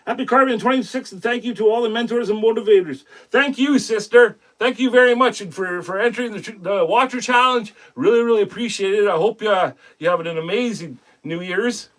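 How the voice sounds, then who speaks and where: Male stream host with a high voice, loose and rambling, chatting with viewers between carving projects. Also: a little fast, fairly bright tone. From Canada. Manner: rambling, friendly, greets chat viewers by name. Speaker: woodcarving live-stream host. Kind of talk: casual live-stream chat.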